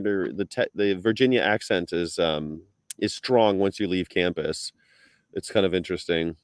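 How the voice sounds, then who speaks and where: A man's voice: moderate pace, dry recording. Chatty man with a dry, close sound. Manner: chatty, laughs often, slips into high mock voices for quotes. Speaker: co-host of a live stream. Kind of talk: casual chat.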